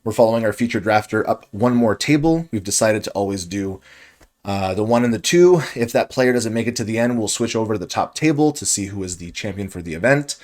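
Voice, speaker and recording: A man's voice: fairly low pitch, lively intonation, brisk, a little mellow. Chatty male card game commentator. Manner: thinks aloud, weighing options as he goes; chatty, self-correcting. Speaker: stream commentator.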